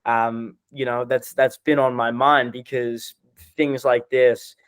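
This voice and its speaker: Hesitant young man, smooth dry voice. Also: medium pitch, flat delivery, slow, no room sound. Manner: hesitant, full of restarts. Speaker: guest being coached. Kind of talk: casual podcast conversation.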